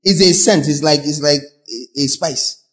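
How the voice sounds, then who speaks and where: A Nigerian pastor preaching in a lively, theatrical way. His voice sits high for a man, and he jumps between mocking little voices and sudden shouts. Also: measured pace. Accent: Nigerian English. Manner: animated, acts out voices and mocks, sudden shouts. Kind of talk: sermon.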